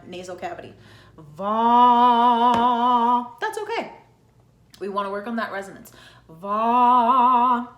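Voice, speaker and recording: Her mid-range voice has a sharp edge as she teaches singing online, explaining things simply, checking in with frequent "okay?"s, and singing brief example notes. The room echoes and the high frequencies are cut off.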